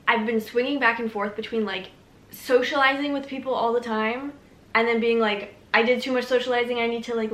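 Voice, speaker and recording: A woman's voice: mid-range voice, a bit bright, reverberant, a little hiss or hum. A young woman in her twenties telling a rambling story to camera in a casual vlog, full of "like" and quoted thoughts. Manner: chatty, rambling, frequent "like". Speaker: vlogger.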